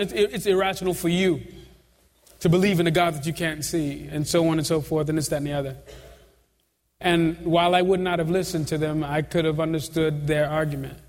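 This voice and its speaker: High-voiced preacher in a reverberant hall. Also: male voice. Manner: conversational preaching with chuckles and asides. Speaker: pastor. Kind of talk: sermon.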